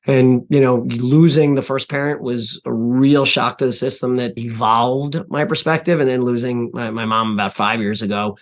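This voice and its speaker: A man in his forties speaks as a podcast guest, earnest and reflective, with a middle-pitched voice. He often stops and restarts phrases as he recalls personal stories. The delivery is plain and close to the mic. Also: fairly even intonation, normal speed, few pauses. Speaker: podcast guest, CEO and author. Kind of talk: interview storytelling.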